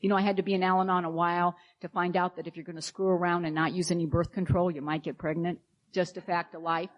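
A woman's voice: fairly low pitch, flat delivery, fast talker, highs cut off. A woman sharing a personal story at a recovery meeting, candid and wryly humorous.

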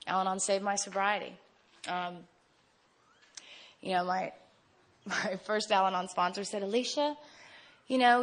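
Woman, recovery meeting speaker, personal testimony, candid, animated, laughs often. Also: medium pitch.

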